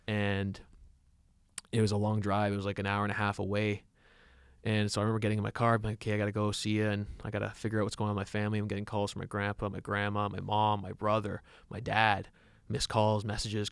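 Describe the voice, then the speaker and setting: A young man co-hosting a podcast, telling a personal story in an earnest, halting way with many restarts. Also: fairly low pitch, monotone, creaky, clean tone, dry recording, clean studio sound. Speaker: podcast co-host. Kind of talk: personal storytelling in casual chat.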